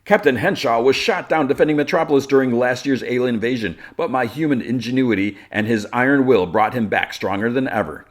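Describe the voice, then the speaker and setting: A man's voice: mid-range voice, a little fast, hardly any pauses, voice pushed up, natural voice. A man voicing a smug billionaire villain giving a grand public speech. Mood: grandiose. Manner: grandiose, showman-like.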